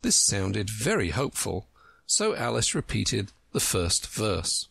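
A man reading a storybook aloud as narrator, with a measured, expressive delivery. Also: fairly low pitch, gravelly, husky, dry recording.

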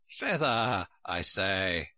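A man's voice: low-pitched, sing-song, drawn-out words, bright, forceful tone, no room sound, pitched below the performer's own voice, heavily acted. A man voicing a grumpy old female sheep who knits and answers in short, snappish lines. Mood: curt. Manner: curt, snappish.

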